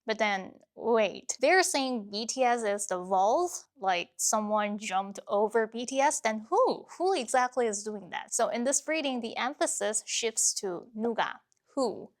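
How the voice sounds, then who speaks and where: A woman teaching Korean, explaining grammar and idioms clearly and patiently in a lesson-style narration. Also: on the high side.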